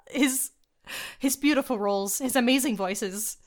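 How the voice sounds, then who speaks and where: Taking it slowly, a young woman with a voice on the high side co-hosts a podcast. She casually chats through a film review, giggly and loaded with slang and fillers.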